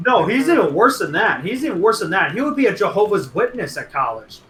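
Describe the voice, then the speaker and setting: A young man on a casual podcast, telling crude stories with animated energy. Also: high-pitched, brisk. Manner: animated storytelling, crude jokes, voices friends. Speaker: podcast regular telling a story. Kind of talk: casual chat. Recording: echoey room with faint noise.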